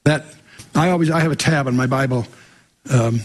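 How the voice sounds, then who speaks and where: A man's voice: medium pitch, moderate pace. A man teaching verse by verse through the Bible, reading scripture aloud and breaking in with wry asides and quizzing questions to his listeners.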